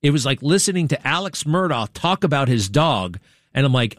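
A man's voice: moderate pace, no echo. Rambling talk-show man, dry studio sound. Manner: rambling, animated, with exaggerated pitch swings. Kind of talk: casual talk radio monologue.

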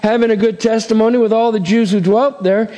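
Male pastor, sermon delivery, animated and dramatic, slightly high voice, long church reverb. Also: brisk. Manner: animated, acts out scripture voices. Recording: hall reverb.

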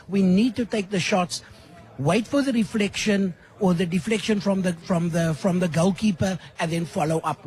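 A hoarse man with a lost voice, a studio guest speaking enthusiastically on radio. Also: high-pitched, darkish tone. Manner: enthusiastic, emphatic. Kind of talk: radio interview.

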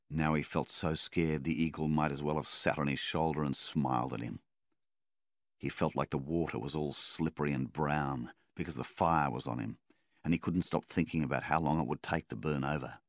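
Male narrator, extremely low voice, measured audiobook read, dry booth. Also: dry recording.

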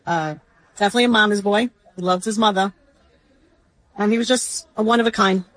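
A woman's voice: mid-range voice, fairly quick, a bit bright, no echo, low-quality recording. A middle-aged woman, a guest talking candidly and telling family anecdotes. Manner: chatty, candid, tells funny family anecdotes. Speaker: interview guest, widow. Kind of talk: conversational interview.

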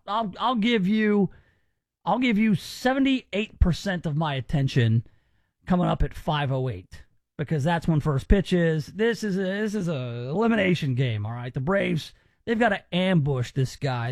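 A man's voice: a little high, dry recording. A man hosting a talk radio show from a studio, talking in a conversational, emphatic way and often restarting his words.

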